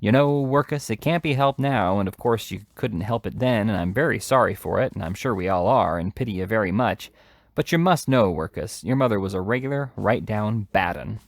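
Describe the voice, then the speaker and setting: A taunting charity boy full of mock pity, as a man reading aloud puts him on. The voice rides high above the reader's own and sneers at every turn. The sound is close and dry. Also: expressive, moderate pace, no echo. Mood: sneering. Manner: sneering, mocking; shrill yelling when scared. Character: jeering cowardly charity boy.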